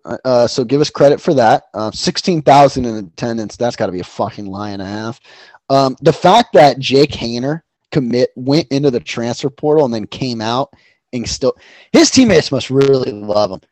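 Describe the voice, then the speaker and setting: A man's voice: mid-range voice, animated, moderate pace, darkish tone, no echo. A man co-hosting a casual sports betting chat, rambling and profane with lots of fillers. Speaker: podcast co-host.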